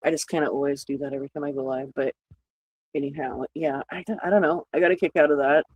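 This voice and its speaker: A woman's voice: sits low, fairly even intonation, quick pace, darkish tone, slight background noise, low-quality recording. A woman streaming live, chatting casually with viewers, greeting them by name, joking sarcastically and laughing at her own jokes. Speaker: livestreamer. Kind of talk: casual livestream chat.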